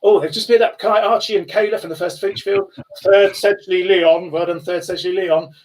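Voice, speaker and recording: A cheerful man with a high voice gives shout-outs over a video call. He sits well back from the microphone, so he sounds thin and distant. He reels off names in eager bursts. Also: fairly even intonation. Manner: enthusiastic, reads out names in quick bursts. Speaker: guest speaker. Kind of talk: upbeat live-stream shout-outs.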